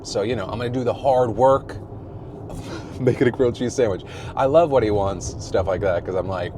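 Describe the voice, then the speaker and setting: A fortyish man with a lowish voice chatting straight to camera from his parked car at the roadside. He rambles candidly, pokes fun at himself, laughs easily and swears without fuss, with a faint hum of traffic underneath. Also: moderate pace, pauses often. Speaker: vlogger. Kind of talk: casual personal vlog chat.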